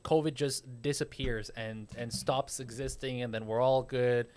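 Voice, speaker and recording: A man's voice: medium pitch, fairly even intonation, normal speed, darkish tone, clean tone. A man co-hosting a podcast in casual chat, explaining things emphatically and swearing a lot. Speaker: podcast co-host.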